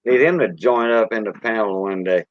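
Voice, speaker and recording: A man's voice: lowish voice, moderate pace, no echo. A man from the Louisiana Gulf Coast with a Cajun accent, hosting a casual, rambling live-stream chat in a folksy way. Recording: dull lo-fi stream audio.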